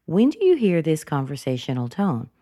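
A woman teaching English pronunciation, explaining intonation clearly and deliberately. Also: sits low, huge pitch swings, mellow, no echo, studio quality. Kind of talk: scripted teaching narration.

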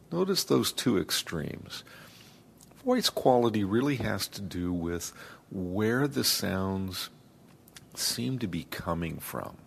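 Man, lecturing, deliberate delivery, faint rumble behind. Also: vocal fry. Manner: slow, deliberate, demonstrates voice placement. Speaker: accent teacher.

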